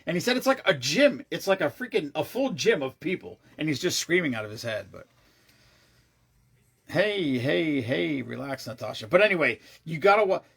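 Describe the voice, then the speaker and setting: A man vlogging, telling a long rambling story in a casual, excitable way, swearing freely and often restarting his sentences. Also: a little high, normal speed, gravelly, breathy edge.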